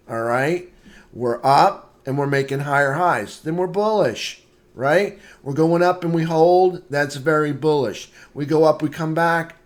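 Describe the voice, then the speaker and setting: Guy walking thru stock charts live, slow deliberate talk, kinda higher voice, keeps saying okay. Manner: repetitive, emphatic, checks in with "okay?" often; greets viewers by name mid-lesson. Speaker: trading instructor. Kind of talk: live market analysis lesson.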